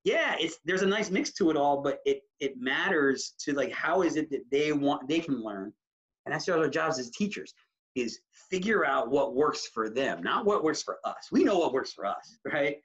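A man, a high school basketball coach, talking animatedly in a casual interview, rambling with many restarts. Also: moderate pace. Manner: animated, rambling, full of restarts and self-quotes. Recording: slightly muffled audio.

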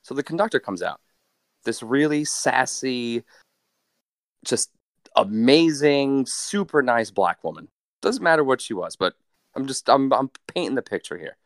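A young man telling a story in a casual, animated, profane way, with deadpan asides. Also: medium pitch, unhurried, no room sound, studio quality. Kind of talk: casual story told to a friend.

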